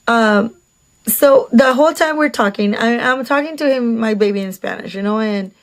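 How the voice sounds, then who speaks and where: A woman's voice: fairly high pitch, normal speed. A woman telling a casual storytime about a date, chatty and sarcastic, with lots of fillers and asides.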